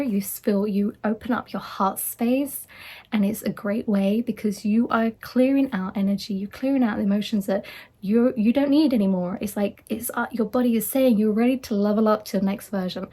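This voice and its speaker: A young woman coaching her listeners through a motivational talk, earnest and encouraging. Her voice is mellow and a little husky. She now and then drops into soft whispers to stress a point. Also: medium pitch. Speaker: life coach. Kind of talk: motivational monologue.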